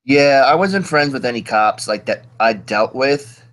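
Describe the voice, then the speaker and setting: A man's voice: medium pitch, expressive, unhurried, fairly bright tone. A man chatting casually in a laid-back, profane way. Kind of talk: casual chat.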